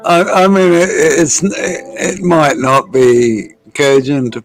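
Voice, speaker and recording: High-voiced, unhurried, profane storyteller man. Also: soft background music, poor audio. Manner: rambling, profane, acts out quotes. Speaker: podcast co-host. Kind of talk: casual chat, telling a story.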